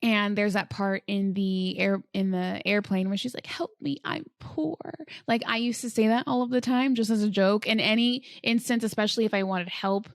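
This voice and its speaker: A woman hosts her own podcast in a relaxed, chatty way, sprinkling her speech with fillers. Her voice sits at an ordinary middle pitch. The sound is dry and close, with no room echo. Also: brisk, hardly any pauses. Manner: chatty, frequent "like" fillers, earnest. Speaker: podcast host. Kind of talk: casual solo podcast talk on manifesting.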